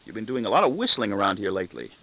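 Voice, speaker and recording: A man's voice: lowish voice, sing-song, very fast, creaky, bright, forceful tone, heavily acted, low-quality recording. A man voicing an arrogant, cutting corporate boss in an audiobook, with a sardonic, self-satisfied delivery. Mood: sarcastic. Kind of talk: audiobook reading.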